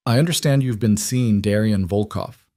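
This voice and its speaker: Smooth menacing mob boss, man reading. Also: lowish voice, normal speed, dark tone, no echo, studio quality, natural voice. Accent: faint Italian. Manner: smooth, amused, threatening.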